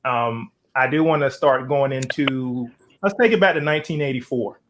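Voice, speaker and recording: A man's voice: medium pitch, moderate pace, a bit bright, a little hiss or hum. Earnest male talk show host. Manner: earnest, reflective, with fillers. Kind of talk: interview.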